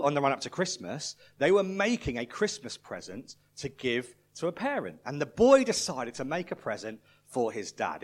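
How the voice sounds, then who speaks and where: Animated preacher telling a story. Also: male voice, a little high. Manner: animated storyteller, swings from loud to hushed. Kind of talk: sermon with storytelling.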